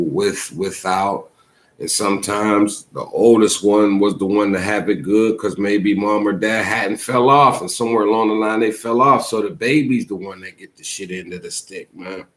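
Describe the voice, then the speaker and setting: A man hosting a show, speaking in a heartfelt, preachy casual monologue with a habit of saying "man" often. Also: deep voice. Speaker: host.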